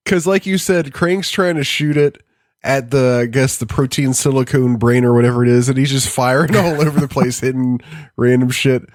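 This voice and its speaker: Podcast co-host: a man, mid pitch, analytical and hedging, dry close sound. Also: steady tone, normal speed, no echo. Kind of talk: casual discussion.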